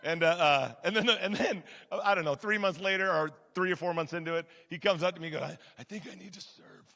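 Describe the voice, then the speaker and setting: Male pastor, gravelly and bright, chatty sermon delivery in a big reverberant hall. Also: sits high, quick pace. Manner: animated, conversational, asks the audience questions. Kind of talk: storytelling sermon. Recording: long church hall reverb.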